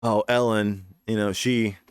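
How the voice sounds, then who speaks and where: A man voicing his roommate, a dopey young guy, in a lower, mumbling tone. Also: fairly even intonation, a little slow, clear, resonant tone, no room sound, close to an everyday voice. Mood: mopey.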